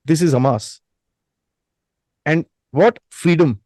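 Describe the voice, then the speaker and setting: A man's voice: on the high side, slow, darkish tone, dry recording, low-quality recording. A man, a guest giving opinions emphatically with rhetorical questions. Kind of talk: opinionated talk.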